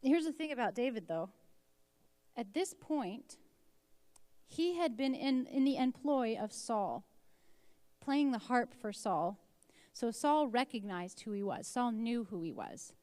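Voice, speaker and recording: A woman's voice: on the high side, expressive, unhurried, a little mellow, no room sound. A woman teaching an informal Bible lesson in a conversational way, reading scripture aloud and dramatizing the quotes.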